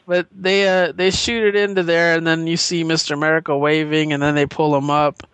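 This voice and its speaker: A man with a fairly high voice chats casually as a podcast co-host. He eagerly retells scenes. The sound is close and dry. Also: little pitch movement, fairly quick, a bit bright, clean tone, no echo. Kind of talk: casual chat.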